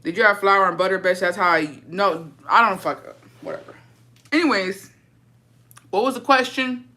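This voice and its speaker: A woman's voice: on the low side, moderate pace, pushed and bright. A young woman livestreaming, chatting casually and answering viewer comments in a blunt, profane and dramatic way.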